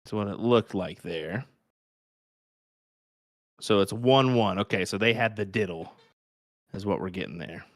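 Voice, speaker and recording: Low-voiced Kansas darts commentator. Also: male voice, unhurried, pauses often, no room sound, studio quality. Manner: chatty, laughs often, lively storytelling. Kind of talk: live sports commentary banter.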